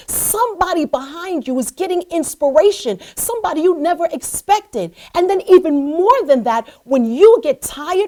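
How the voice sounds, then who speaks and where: A woman's voice: high voice, normal speed, hardly any pauses. A middle-aged woman hosting a show, telling an inspirational personal story and acting out the voices of the people in it. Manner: animated, acts out voices in her story. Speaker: host.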